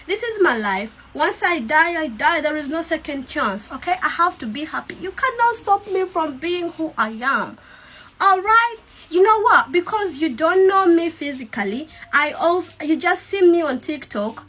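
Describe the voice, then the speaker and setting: High, bright-voiced defiant Ugandan woman. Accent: Ugandan English. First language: Luganda. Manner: defiant, emphatic, repetitive. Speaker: social media creator. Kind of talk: defiant rant to followers.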